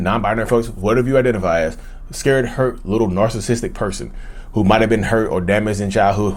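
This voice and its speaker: A man's voice: lowish voice, a little mellow. Earnest, blunt man speaking frankly. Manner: earnest and emphatic, repeats and restarts phrases. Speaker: YouTuber discussing his own narcissism. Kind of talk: unscripted personal monologue.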